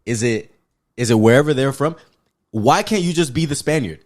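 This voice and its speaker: A man's voice: mid-range voice, moderate pace. A man from the Pacific Islands co-hosting a podcast, ranting in casual movie review chat, profane and emphatic. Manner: animated, profane, emphatic love-hate rants. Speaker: podcast co-host.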